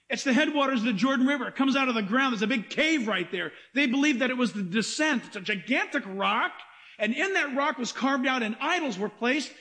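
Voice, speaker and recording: A pastor preaching an animated sermon, acting out quotes and asking the congregation questions. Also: male voice, very high-pitched.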